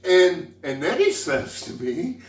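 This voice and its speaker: A man's voice: high-pitched, huge pitch swings, slow pace, recorded from a distance. Tipsy man rambling in an echoey kitchen. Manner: rambling, giggly, swears freely. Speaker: home cook, vlog host. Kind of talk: casual tipsy cooking vlog. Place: home kitchen.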